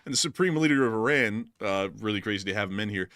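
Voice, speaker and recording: A lower-pitched male host with a bright, clear, crisp tone, recorded very dry and close. He talks bluntly and gets heated, breaking into laughs and exclamations. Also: animated, fast, hardly any pauses, dry recording. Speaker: host of a war news show. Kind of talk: casual live-stream commentary.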